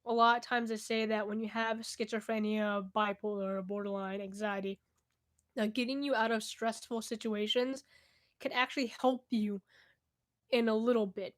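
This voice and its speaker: A young woman answering viewer questions in a casual vlog at home, candid and chatty, often laughing and trailing off. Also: a little high. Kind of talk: casual Q&A chat to camera. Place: indoors at home, cat nearby.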